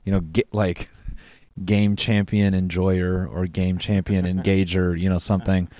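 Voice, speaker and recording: Mellow low-voiced young man. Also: flat delivery, dry recording, clean studio sound. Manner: reads aloud haltingly, laughs, swears. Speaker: podcast co-host reading a story. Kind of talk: casual chat.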